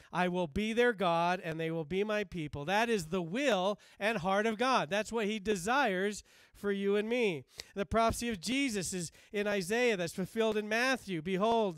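High-voiced preaching pastor, smooth and dry. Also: male voice, dry recording. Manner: preaching with slow emphatic repetition, dropping soft and low at times. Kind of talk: sermon.

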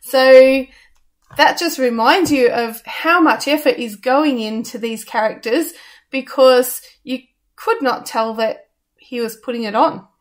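A chatty woman, a radio co-host, reviews a musical in a casual chat. Her high voice is a little slow, and she sounds hesitant, with many ums and restarts.

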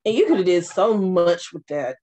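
A woman co-hosting a casual show review, playful and quick with quips. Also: on the low side, lively intonation, dark tone. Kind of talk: casual chat.

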